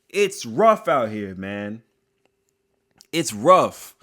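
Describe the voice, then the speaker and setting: A man giving a casual, joking commentary monologue, full of slang and drawn-out asides, as a video creator. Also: medium pitch, expressive.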